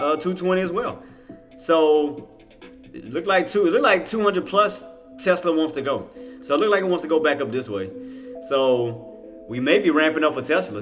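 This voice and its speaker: A man rambles through live trading commentary, talking to himself and laughing often. His voice is bright and a little high. Faint music plays underneath. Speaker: stock trading streamer.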